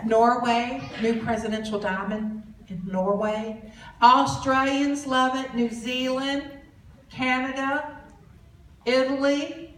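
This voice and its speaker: A woman with a slightly higher voice tells a story to a crowd. She acts out the conversations in quoted voices. The sound comes from a distant mic in an echoey hall, with a faint noise underneath. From Southern US. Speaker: speaker at a business boot camp. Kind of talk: storytelling presentation to an audience.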